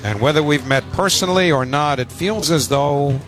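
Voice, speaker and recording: A man who calls baseball on the radio speaks his on-air farewell, articulate and warm but holding back tears. Clear music plays under his voice. It sounds like a clip played back from a broadcast. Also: on the high side, normal speed. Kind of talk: emotional farewell speech on air.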